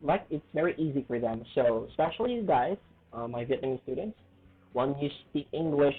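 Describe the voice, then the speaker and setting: A man's voice: medium pitch, expressive, fairly quick, breathy edge. A man teaching English in a casual video lesson, chatty and repetitive, often checking in with "okay?" and "right?". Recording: tinny phone-like sound.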